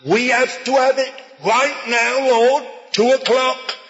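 A man's voice: extremely high pitch, little pitch movement, takes it slowly, fairly bright tone, pitched above the performer's own voice, heavily acted. A man voicing an old Cockney ex-seaman who prays urgently and pleadingly. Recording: echoey hall, dull lo-fi.

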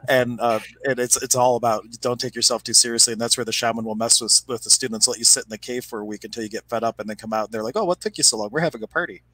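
A man's voice: medium pitch, level tone, fast talker, few pauses, sharp tone, slight background noise, rough recording. A middle-aged man, a healer and co-host, telling stories in casual conversation, laughing often and acting out the voices of people he quotes. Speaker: energy healing practitioner and podcast co-host.

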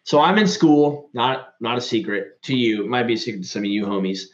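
A man's voice: mid-range voice, lively intonation, fairly quick, reverberant, muffled recording. A man hosting a casual chat, telling rambling, profane stories, a bit tipsy and slurring. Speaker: podcast host.

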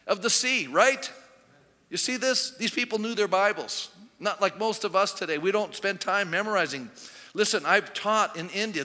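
A man's voice: high voice, bright, forceful tone. A man preaching a sermon in a conversational way, asking rhetorical questions as he goes. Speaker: pastor. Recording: long hall reverb.

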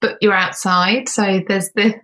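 A British woman who co-hosts a podcast and works as a history tour guide chats casually, laughing often. Her mid-range voice is fairly bright, with a steady tone and a measured pace.

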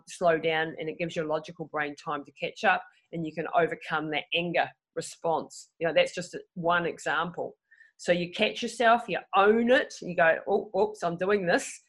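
A woman's voice: lowish voice, low-quality recording. A woman guest in a casual conversation, talking animatedly, often restarting her sentences and acting out what people say in their heads. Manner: animated, restarts often, acts out inner voices.

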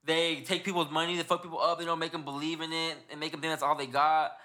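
A man's voice: fairly high pitch, flat delivery, quick pace, bright, forceful tone. A young man hosting a podcast in casual chat, rambling and swearing as he retells stories. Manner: rambling, profane, retells stories with put-on quotes. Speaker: podcast host.

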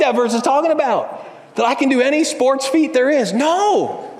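A man preaching a sermon as a pastor, animated, swinging between loud emphasis and hushed tones. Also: very high-pitched, normal speed. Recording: long reverb of a large hall.

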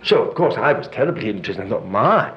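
A man's voice: on the low side, quick pace. An older male preacher giving a sermon, telling stories with dry humor. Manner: lively storytelling with dry humor and chuckles. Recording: roomy, dull, slightly noisy hall recording.

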